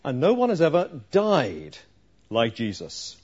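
A man preaching a sermon, slow and emphatic, with dramatic pauses. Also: on the high side, huge pitch swings, darkish tone, breathy edge, dull audio.

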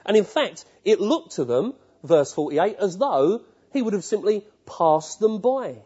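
A male preacher with a slightly high, mellow, husky-edged voice delivers a sermon in a sing-song, unhurried way. He tells vivid stories and often turns to question his listeners. The recording is dull and lo-fi.

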